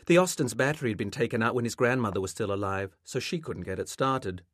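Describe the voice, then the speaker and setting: A male author reading a passage of his literary novel aloud in a measured, expressive way, close to the microphone. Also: medium pitch, dry recording.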